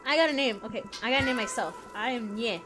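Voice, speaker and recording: A woman's voice: a little high, fast talker. A young woman streaming a game live, chatting playfully in squeals and baby talk. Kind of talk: live gameplay commentary. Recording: game music behind.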